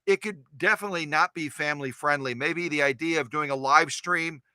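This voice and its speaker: A man's voice: a little high, a little fast, dry recording. A man hosting a live stream, chatting casually and joking with his viewers. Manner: animated, exclaiming and joking with viewers. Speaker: host of a sewing machine live stream.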